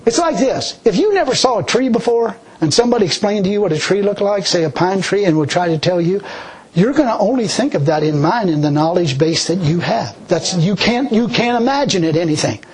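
In an expressive voice with a breathy edge, a man preaches a sermon built around his personal testimony, folksy and conversational with many restarts. When quoting God he shifts to a low, slow voice, and the audio quality is poor.

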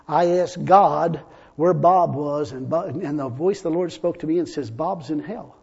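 A man preaching a sermon, telling stories in a chatty way and rising now and then into loud exclamations. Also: a little high, moderate pace, vocal fry, breathy edge. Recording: dull lo-fi audio with long hall reverb.

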